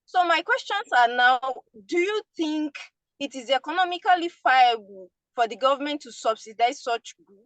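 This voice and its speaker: Woman from Nigeria, workshop participant, fairly high voice, dry close sound, formal questioning. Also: a bit bright, dry recording. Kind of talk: asking a prepared question.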